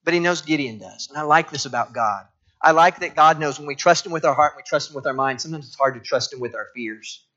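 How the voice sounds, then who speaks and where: A middle-aged man preaching a sermon, dropping to quiet tones and rising again as he acts out voices from the text. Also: a little high, quick pace. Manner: dramatic shifts from quiet to loud, acting out quoted voices. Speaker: pastor. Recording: dull lo-fi sound.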